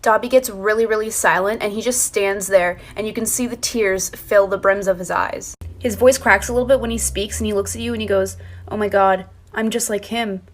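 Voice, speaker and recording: A woman tells a second-person fan story in a casual, chatty way. She talks fast at a middle pitch and leans on filler words as she goes. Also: steady tone, slight background noise.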